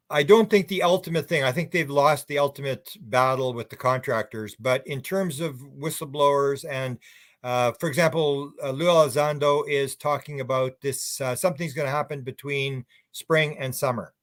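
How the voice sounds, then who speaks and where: A man's voice: mid-range voice, normal speed, fairly bright tone, no room sound. Older man rambling, opinionated, dry sound. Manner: rambling, opinionated, talks in long run-on thoughts. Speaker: UFO researcher guest. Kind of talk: radio interview answers.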